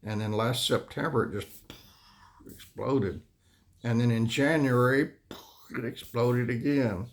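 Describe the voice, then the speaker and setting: A man, hosting his own channel in a folksy, rambling, complaining monologue, often coughing and clearing his throat. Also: medium pitch, fairly even intonation, slow, pauses often. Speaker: channel host.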